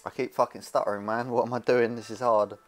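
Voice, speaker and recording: This young gaming YouTuber talks fast in a flat, mid-range voice. Playing a horror game in a small room, he gives casual let's play commentary that's nervous, jumpy, rambling and full of swearing.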